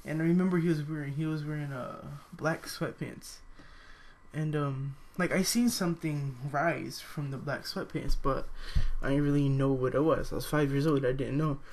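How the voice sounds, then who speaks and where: A young man telling a personal story in a halting, hesitant way, full of fillers, now and then jumping to a higher voice to quote people. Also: fairly even intonation, darkish tone, a little hiss or hum. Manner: acts out quoted voices with sudden high pitch.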